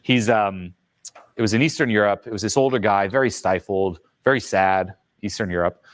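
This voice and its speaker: A man coaching on social skills, telling stories in a lively, expressive way. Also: normal speed, no room sound. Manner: lively, expressive, swings in pitch. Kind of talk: animated storytelling advice.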